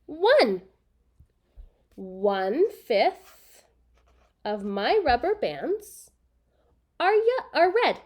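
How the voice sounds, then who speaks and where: A woman teacher leads a children's math lesson at an unhurried pace. Her voice swoops up and down expressively, and she repeats each new word patiently so the class can copy it down. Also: fairly high pitch, very animated, darkish tone. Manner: slow, patient, repeats key words for note-taking.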